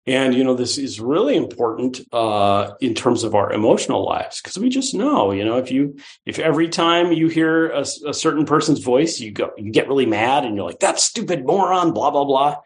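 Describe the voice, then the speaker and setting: A man delivers a dharma talk in a relaxed, conversational style. His voice is lively and ranges widely in pitch, often swooping up for emphasis and playful asides. He sounds like a teacher sharing ideas rather than lecturing. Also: normal speed, few pauses. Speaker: Buddhist teacher.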